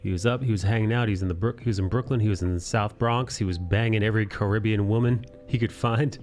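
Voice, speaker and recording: Low-voiced, profane streamer chatting casually. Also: male voice, fairly even intonation, fast talker, darkish tone, soft background music. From New York City. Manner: profane, joking, chatty with viewers. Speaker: livestream host. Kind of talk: casual chat while drawing.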